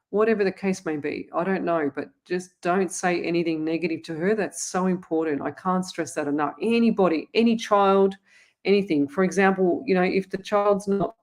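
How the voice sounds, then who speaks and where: A woman's voice: mid-range voice, moderate pace, darkish tone. A woman, a psychic medium hosting a live online Q&A, giving earnest, urgent advice and calling her viewers "lovey". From Australia. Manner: addresses viewers as lovey and guys.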